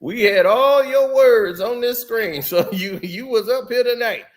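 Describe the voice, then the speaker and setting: A man's voice: extremely high pitch, measured pace. A man guesting on a casual podcast, telling stories animatedly with slang and frequent laughter. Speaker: guest, former basketball player.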